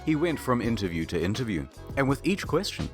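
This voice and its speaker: A man's voice: mid-range voice, very animated, a little fast. A man giving dry, wry scripted comedic narration for an internet documentary, with sudden jokes. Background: background music.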